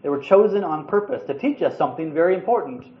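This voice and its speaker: A man's voice: on the high side, animated, quick pace. A man preaching a sermon in an earnest, conversational way, now and then restarting his words. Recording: roomy, slightly dull sound.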